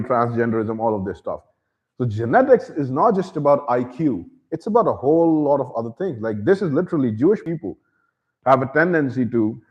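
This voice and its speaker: A man hosting his own channel, giving an opinion monologue in an animated way, slipping into mocking voices. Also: mid-range voice, lo-fi sound. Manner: animated, slips into mocking voices, calls himself by name. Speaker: channel host.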